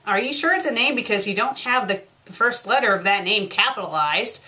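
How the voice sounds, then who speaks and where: A woman's voice: medium pitch, expressive, fairly quick, few pauses, sharp tone. A woman reviewing fan fiction online, sarcastic and exasperated, with heavy sighs. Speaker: fanfic reviewer.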